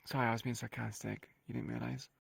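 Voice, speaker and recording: A man with a deeply gravelly, husky voice speaks in character during an online roleplay. He is blunt and dryly sarcastic and swears casually. His voice sounds close and dry. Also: flat delivery, fast talker, dry recording. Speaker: roleplay player.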